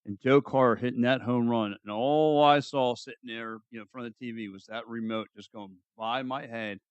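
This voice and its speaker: A man's voice: mid-range voice, steady tone, normal speed, smooth, no room sound, dull audio. A man in his thirties, co-hosting a podcast with a laid-back, joking manner. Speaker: podcast co-host. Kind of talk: casual chat.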